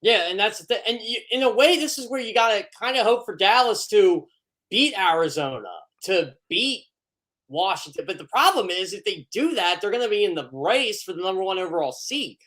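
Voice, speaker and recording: A male sports writer appearing as a radio guest, talking in a chatty, opinionated way with quick asides to the host. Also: high voice, animated, pushed and bright.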